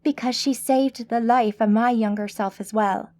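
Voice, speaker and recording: A woman narrator voicing a calm, formal, centuries-old female mage, in an audiobook. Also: fairly high pitch, normal speed, natural voice. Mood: composed.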